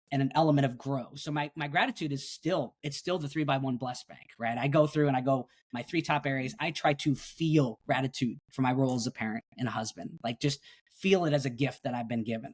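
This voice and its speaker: A middle-aged man, a coach and speaker, explaining his daily habits in a podcast interview, earnest and energetic, acting out his own inner dialogue. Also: mid-range voice.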